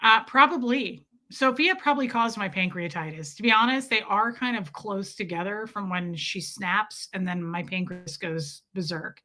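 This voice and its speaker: A woman from the United States hosts a casual livestream, chatting in a lively way and leaning on fillers as she goes. She reads viewer comments aloud between stories. Her voice sounds bright and forward. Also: mid-range voice, normal speed, few pauses. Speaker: livestream host.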